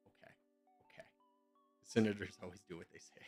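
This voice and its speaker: A man's voice: low-pitched, fairly even intonation, a little fast, a little mellow, soft background music. A young man chatting casually in voice chat while gaming, joking and sarcastic. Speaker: gamer in voice chat.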